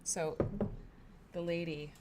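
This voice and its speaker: Woman with a lowish voice, casual live-stream chat, rambling, chats with viewers, talking from her office, faint background hum. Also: flat delivery, slow pace, a little mellow. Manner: rambling, chatty, talks to viewers by name. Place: her office, late at work.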